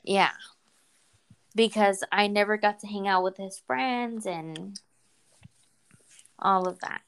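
A woman casually telling a personal story in a relaxed, chatty way, sometimes acting out what people said. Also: medium pitch, slow, smooth. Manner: relaxed, chatty, acts out quoted voices.

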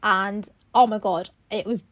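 A woman's voice: medium pitch, fairly even intonation, unhurried, fairly bright tone. A woman co-hosting a podcast, chatting casually, swearing and laughing often. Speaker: podcast co-host. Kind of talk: casual chat.

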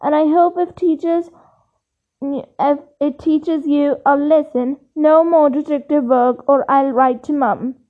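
A woman voices a stiff, self-important teenage prefect who scolds the younger boys fiercely, in her own high voice. He sounds stern and officious. The sound is dull and lo-fi. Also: steady tone, takes it slowly.

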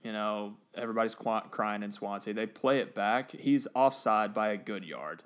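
A man on a podcast, casually retelling a football match with animated bursts of excitement. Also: lowish voice, normal speed. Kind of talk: casual storytelling chat.

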